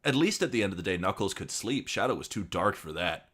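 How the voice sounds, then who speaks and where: A man co-hosting a comedy show, giving a deadpan dramatic reading with lively swings. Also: low-pitched, fast. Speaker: comedy podcast co-host reading fan fiction aloud.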